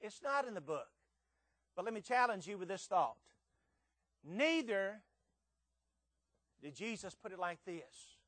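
Male preacher, high voice, dry close sound; emphatic sermon delivery with repeated words and rhetorical questions. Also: very animated, unhurried, long pauses, dry recording. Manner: emphatic, rising to loud peaks with rhetorical questions.

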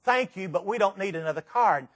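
A middle-aged man preaching a sermon, telling a story emphatically with repeated phrases and dramatic pauses. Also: sits high, expressive.

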